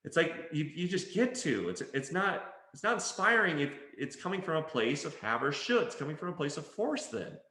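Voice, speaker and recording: A man's voice: a little high, very animated, moderate pace, few pauses, bright, forceful tone. A man giving a motivational talk on language, speaking emphatically, calling listeners guys and mimicking whiny complaints. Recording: echoey room.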